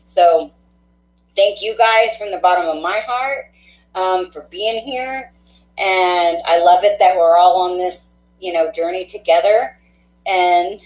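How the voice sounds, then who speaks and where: A woman hosting a spiritual card-reading livestream, chatting warmly and laughing often, with a stuffy nose. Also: mid-range voice, slow pace. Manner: affectionate, chatty, laughs often, many fillers. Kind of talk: casual livestream sign-off chat. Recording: echoey room.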